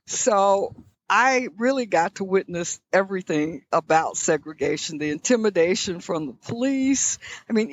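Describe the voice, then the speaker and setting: A woman's voice: fairly low pitch, no echo. Older lady from birmingham alabama telling stories in an interview, reflective, kinda muffled audio. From Birmingham, Alabama, USA. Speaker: guest. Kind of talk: storytelling interview.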